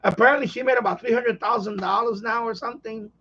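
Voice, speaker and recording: A man's voice: very high voice, quick pace, pushed and bright, breathy edge. A man hosting a casual live stream chat, rambling and exasperated as he rants. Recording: dull lo-fi live stream audio.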